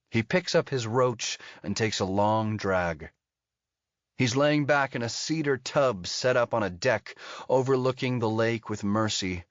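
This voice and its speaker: A man narrating an audiobook thriller in an even, steady storytelling manner. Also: on the low side, no room sound. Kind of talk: scripted narration. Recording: dull lo-fi audio.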